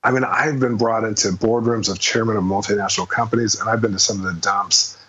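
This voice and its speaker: A man telling a personal faith story in a casual interview, fast and animated, acting out the quotes. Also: fairly low pitch, breathy edge, dull audio. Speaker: guest minister.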